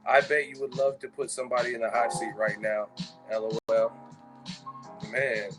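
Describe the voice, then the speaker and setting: A man's voice: mid-range voice, little pitch movement, normal speed, music in the background. A man hosting a live-stream chat, rambling and profane as he riffs on viewer comments. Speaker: host.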